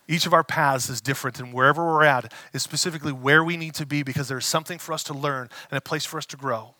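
A man preaching a conversational sermon as a pastor, casual and animated, acting out the voices he quotes. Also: on the high side, fast, hardly any pauses, no echo.

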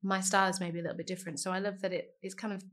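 A woman, a singer chatting as a podcast guest and acting out quoted lines with big jumps in pitch. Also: level tone, racing, fairly bright tone. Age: 30s. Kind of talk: casual storytelling chat.

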